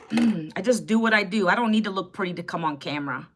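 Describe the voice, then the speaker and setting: A woman in her fifties chats through a casual live stream with a bright, clear, forward voice. She is talkative and sassy, and she answers viewers directly. The voice sits at an ordinary middle pitch. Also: fairly quick, a little hiss or hum. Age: 50s. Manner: chatty and sassy, greets viewers and answers chat. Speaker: livestream host. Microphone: phone.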